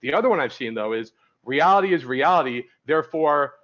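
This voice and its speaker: A man's voice: on the high side, animated, brisk, a bit bright, dull audio. A man, a dating coach, talking candidly as a podcast guest and rambling through stories with many restarts. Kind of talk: casual podcast interview.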